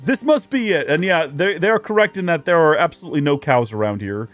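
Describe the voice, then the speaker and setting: A man's voice: a little high, lively intonation, a little fast. A man doing casual let's play commentary as a streamer, chatty and rambling with jokes, faint game music behind.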